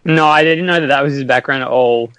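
A relaxed man co-hosting a sports chat, talking things through with plenty of "like". His voice is close and dry with no room sound. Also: medium pitch, brisk, no room sound. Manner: relaxed, thoughtful, lots of "like". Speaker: co-host.

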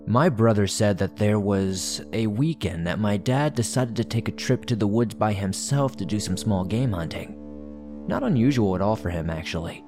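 A man hosting a horror story show, narrating listener-submitted stories in a measured way. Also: lowish voice, a little mellow.

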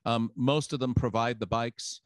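A middle-aged man, a guest in a casual conversation, tells a story at a slightly slow pace in a medium-pitched voice. Animated, he imitates the people he quotes and laughs. The recording is dry.

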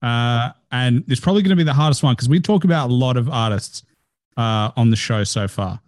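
A man of medium pitch hosts a podcast interview. He speaks in a relaxed, frank way with the odd swear word, and the sound is dry, with no room sound at all. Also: brisk, no echo. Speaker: podcast host. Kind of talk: casual interview talk.

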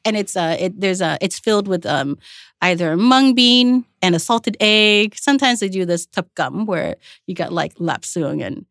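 A woman from Vietnam, guest chef on a talk show, spins lively anecdotes and slips into other people's voices. Her pitch sits mid-range for a woman. The sound is close and dry, with no room around it. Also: moderate pace, no room sound. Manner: lively anecdotal, acts out quotes, casual swearing. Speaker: chef and restaurant owner, guest. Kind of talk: casual storytelling interview.

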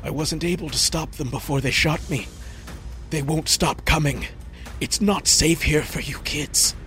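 A man's voice: on the high side, a little slow, music in the background, natural voice. A man voicing a crazed, wounded, disheveled stranger who murmurs and rambles frantically. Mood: pained.

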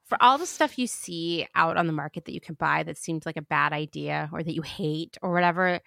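A woman hosts a casual podcast and talks with a bright, sharp tone. The sound is close and dry, with no room echo, and she reacts to her guest in an easy back-and-forth. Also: low-pitched, a little fast, creaky. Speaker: podcast host.

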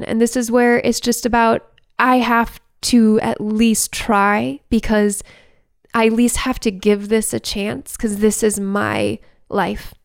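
A woman's voice: fairly high pitch, gravelly, clear, resonant tone, dry recording, clean studio sound. A woman giving a heartfelt, reflective talk to camera about recovery. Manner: heartfelt and searching.

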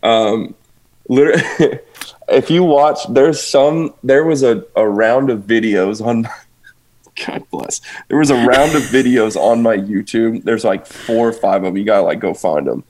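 A man's voice: medium pitch, unhurried, a little mellow. A man talking as a podcast guest in casual chat, often laughing and rambling with lots of restarts. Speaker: guest drummer.

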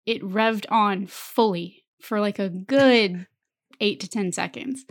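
A woman's voice: medium pitch, takes it slowly. A young woman co-hosting a podcast, telling stories in casual chat and often laughing. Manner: chatty storytelling, laughs often. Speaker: podcast co-host.

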